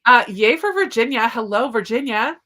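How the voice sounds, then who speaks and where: A woman's voice: a little high, animated, moderate pace, fairly bright tone. A woman hosting a live book discussion over a video call, welcoming viewers in an eager, chatty way with plenty of fillers. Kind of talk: casual live-stream chat.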